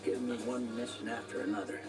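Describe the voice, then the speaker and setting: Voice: medium pitch, steady tone, fast, close to an everyday voice. A performer playing a weary soldier who keeps getting reprinted after each death, speaking in a bitter, tired way. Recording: distant film clip over loud music.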